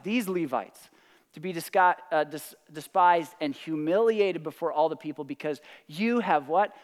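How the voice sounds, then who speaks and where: A man preaching a sermon, with lively, animated delivery and acted-out quotes. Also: a little high, clear, resonant tone, in a large hall. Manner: animated preaching, voicing God's words with rising intensity. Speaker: pastor.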